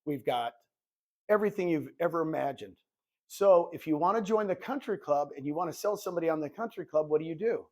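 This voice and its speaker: An older man in his sixties presenting to a room of real estate agents. He talks like a goofball, telling stories and acting out both sides of his conversations. His voice sits a little high. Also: brisk. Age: 60s. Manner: animated storytelling, acts out dialogue; jokey self-described goofball. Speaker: real estate recruiter and coach.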